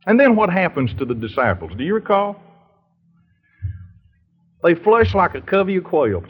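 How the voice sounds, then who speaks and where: A male preacher who retells a story with drama and keeps asking his listeners questions. His voice sits high and leaps animatedly up and down. It sounds slightly husky, heard on a dull, lo-fi recording. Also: sing-song, normal speed. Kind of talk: storytelling sermon.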